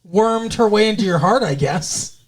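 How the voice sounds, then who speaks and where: A man's voice: high voice, expressive, moderate pace. A middle-aged man co-hosting a podcast, chatting casually and rambling with jokes. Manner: rambling, jokey, breaks into singing. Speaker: podcast co-host. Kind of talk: casual chat.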